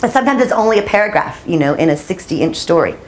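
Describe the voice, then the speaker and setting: A woman's voice: lowish voice, lively intonation, quick pace. A woman in her forties, a journalist giving a storytelling talk to a room of listeners, chatty and self-deprecating, laughing often. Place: audience room.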